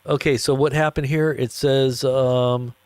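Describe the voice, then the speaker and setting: A man's voice: mid-range voice, fairly even intonation, a little slow, a little mellow, dry recording. A tired man hosting a live news commentary stream, rambling and joking with viewers. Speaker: host.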